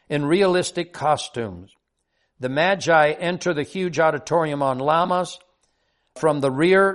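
Earnest, high-voiced older man. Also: a bit bright. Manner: earnest and heartfelt. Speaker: devotional storyteller. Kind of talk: devotional personal story reading.

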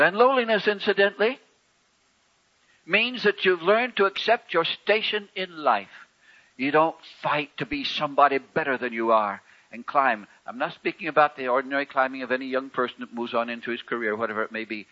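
A man preaching a sermon in a folksy, conversational way, with wry humor and sharp swings between loud and soft. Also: mid-range voice, brisk, dull audio.

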